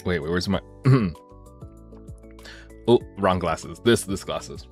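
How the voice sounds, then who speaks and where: Male streamer, casual and jokey, wildly expressive pitch over a low base. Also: drawn-out words, pauses often, faint music behind. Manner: animated, jokey, swings between mumbling and high excited bursts.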